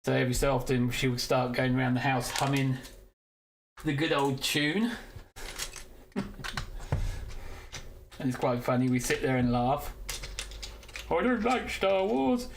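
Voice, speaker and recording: A man's voice: medium pitch, flat delivery, a little slow, pauses often, a little hiss or hum. A British man from the UK hosting a casual live stream, chatting and giggling to viewers while he builds. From United Kingdom. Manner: chatty, giggly, talks to chat while working.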